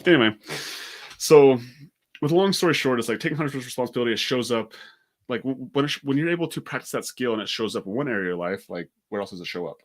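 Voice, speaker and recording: A man co-hosting a podcast and telling stories in a casual chat, talking quickly with many fillers. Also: mid-range voice. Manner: fast, animated, many "like" fillers. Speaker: podcast co-host.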